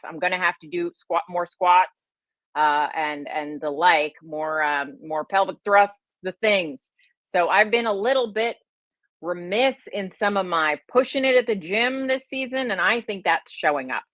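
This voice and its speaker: A middle-aged American woman, a health and wellness coach, chats casually on a livestream in a lowish, slightly bright voice with a slight Southern twist. She rambles, pokes fun at herself, and uses many fillers. The recording is dry and muffled.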